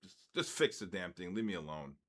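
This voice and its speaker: A man's voice: low-pitched, animated, a little fast. A man hosting a live trading session, rambling into ranting asides between market calls. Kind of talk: casual live trading commentary.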